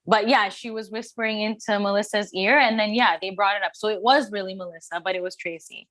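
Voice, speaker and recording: A woman's voice: medium pitch, fairly even intonation, brisk, fairly bright tone. A woman co-hosting a podcast, chatting casually about a reality show with sympathetic, agreeable reactions. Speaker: podcast co-host. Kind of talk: casual reality TV recap chat.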